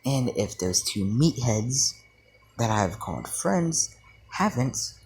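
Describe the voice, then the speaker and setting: A man voicing a reformed teenage boy who speaks slowly, earnestly and firmly. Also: mid-range voice, sing-song, a little mellow, slightly rough, exaggerated voice, low-quality recording. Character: reformed teenage boy, calm and quietly menacing.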